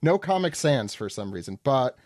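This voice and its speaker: A man co-hosting a podcast in casual chat, talking in an animated, hesitant way with many likes and restarts. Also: mid-range voice, moderate pace, no room sound, clean studio sound.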